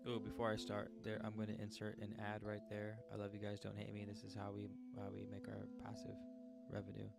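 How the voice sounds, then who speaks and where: A man's voice: on the low side, completely flat delivery, a little fast, gravelly. A man hosting a livestream, reading a book aloud and breaking off to chat and joke with his viewers. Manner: playful, chatty, joking with viewers. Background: guitar music.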